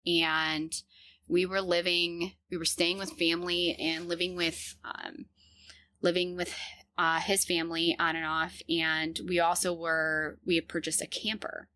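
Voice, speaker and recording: A woman in her thirties recounts her own story in an earnest, halting way, often restarting sentences. Her voice sits fairly low. The sound is dry and close, with no room around it. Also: sharp tone, no room sound. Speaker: podcast guest telling her story. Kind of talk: personal storytelling.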